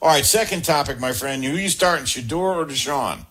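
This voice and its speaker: A man hosting a call-in sports radio show, chatty and quick to move callers along. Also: on the high side, a bit bright, slightly rough.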